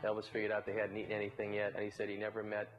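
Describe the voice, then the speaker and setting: A man, a former baseball broadcaster, telling anecdotes in a relaxed storytelling way. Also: on the low side, very fast, highs cut off, faint music behind. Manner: relaxed raconteur, briefly mimics others in quotes.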